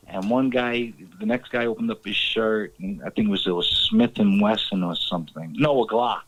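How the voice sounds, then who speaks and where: A man on a live stream telling a story in casual chat, halting, with many restarts and fillers. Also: fairly low pitch, poor audio. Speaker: guest.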